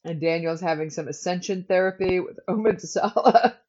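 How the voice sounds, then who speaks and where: A woman's voice: fairly low pitch, brisk, darkish tone. Chatty woman recapping, dull lo-fi sound. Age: adult. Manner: chatty and joking, laughs often. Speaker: podcast co-host recapping a TV episode. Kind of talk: casual chat. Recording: dull lo-fi recording.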